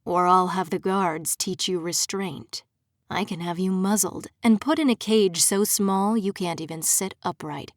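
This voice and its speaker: A woman's voice: dry recording, studio quality, close to an everyday voice. Woman voicing a purring, sadistic male fae. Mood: menacing. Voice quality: low purring husky voice. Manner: slow, mocking, menacing. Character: cold, sadistic young male fae captor.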